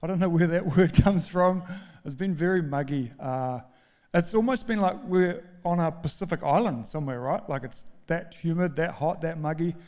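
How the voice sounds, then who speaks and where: Rich: A high-voiced man delivers a sermon in a smooth, resonant tone. He tells his story in an animated, self-mocking way and piles up emphatic lists. His voice rings out through a church hall with a long reverb tail. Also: moderate pace. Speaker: pastor.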